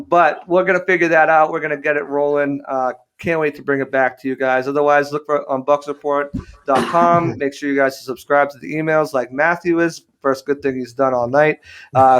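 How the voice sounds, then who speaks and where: Guy on a sports podcast, kinda high voice, smooth and clean, lots of uhs. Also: fairly bright tone. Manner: upbeat, self-promoting sign-off with many "uh" fillers. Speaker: podcast co-host. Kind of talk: casual sports podcast chat.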